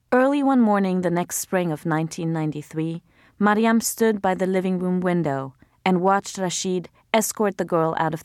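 A woman with a fairly low voice reads a novel aloud in a measured, even way. She is recorded close on a studio mic. The sound is dry, with no room echo. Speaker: audiobook narrator. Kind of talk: scripted narration.

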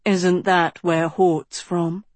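A woman voicing a serious, determined young prince who speaks low and firm in an audiobook. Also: flat delivery, very slow, dry recording. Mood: earnest.

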